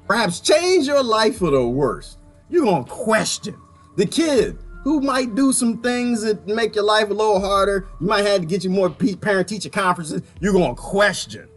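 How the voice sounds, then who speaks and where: Animated stand-up comic, husky voice. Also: male voice, sits high. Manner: animated, talks to audience, acts out voices. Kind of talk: stand-up comedy routine.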